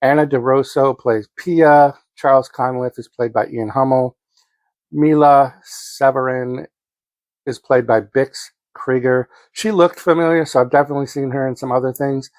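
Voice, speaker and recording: Man, movie reviewer, casual and rambling, fillers and corrections, dry close sound, mid-pitched voice. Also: fairly even intonation, moderate pace, a little mellow, dry recording. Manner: rambling, lots of ums and self-corrections. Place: home studio.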